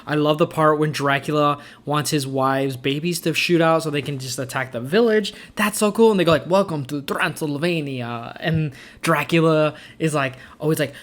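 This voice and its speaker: A man's voice: fairly high pitch, moderate pace, few pauses, fairly bright tone. A young man in his twenties talking casually about his favorite films, rambling and enthusiastic with lots of fillers. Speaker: film vlogger. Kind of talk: casual movie ranking talk.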